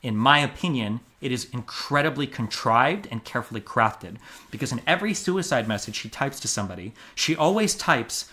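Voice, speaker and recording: A man in his thirties from the United States, livestreaming blunt commentary in a mid-pitched voice. He stresses key words hard and loud, then drops to muttered asides. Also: animated, a little fast. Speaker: streamer. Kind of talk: livestream commentary reading a court transcript.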